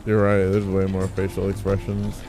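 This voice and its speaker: Low, mellow-voiced streamer guy. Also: moderate pace, soft background music. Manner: rambling, profane, excitable. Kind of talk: casual gaming stream chat.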